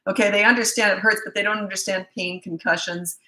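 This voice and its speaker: A woman's voice: mid-range voice, fairly even intonation, quick pace, bright, forceful tone. A middle-aged woman, a parenting coach, bluntly and emphatically answering viewer questions in a live Q&A session. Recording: echoey room.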